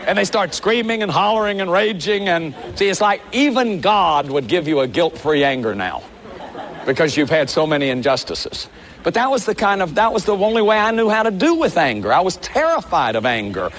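A man's voice: a little high, very animated, normal speed, fairly bright tone, a little hiss or hum. A man leading a workshop, lecturing an audience in an earnest, emphatic way, often stopping to say "see". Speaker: workshop leader.

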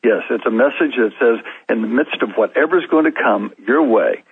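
Guy guest telling his story, stumbles and restarts a lot, husky, sounds like a phone line. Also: mid-range voice, normal speed, no echo. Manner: restarts often and laughs while telling a story. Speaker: guest on a faith talk show. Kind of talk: storytelling interview answers. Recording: narrow, phone-like dry sound.

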